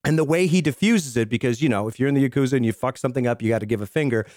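A man co-hosting a casual film podcast, retelling scenes in an animated way. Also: mid-range voice, rapid-fire, dry recording, clean studio sound. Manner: animated storyteller, acts out scenes. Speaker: podcast co-host.

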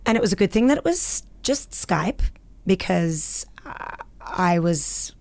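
Woman, Australian accent, fairly low voice, very dry close sound, animated storyteller. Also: unhurried, gravelly, no room sound. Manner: animated storyteller, acts out quotes. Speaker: guest voice actor. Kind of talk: casual interview chat. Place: small home recording closet.

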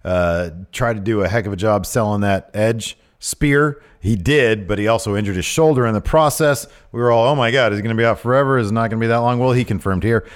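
A man's voice: on the low side, fast talker, few pauses, smooth. A man co-hosting a wrestling news podcast in casual, jokey chat, reading quotes aloud. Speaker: podcast co-host.

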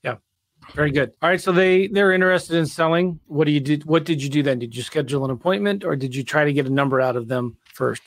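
Host guy firing short questions, quick, dry sound. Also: fairly high pitch, no room sound. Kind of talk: interview questions.

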